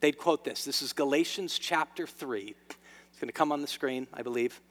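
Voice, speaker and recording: A man preaching a sermon to his church, swinging between loud emphasis and hushed lines. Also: medium pitch, normal speed. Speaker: pastor. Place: church sanctuary. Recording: long reverb of a large hall.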